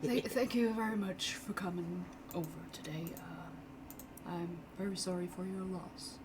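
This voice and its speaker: A woman's voice: fairly low pitch, unhurried, close to an everyday voice. Woman as a small, nervous middle-aged man. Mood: solemn. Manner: polite, formal condolences. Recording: noisy background hiss.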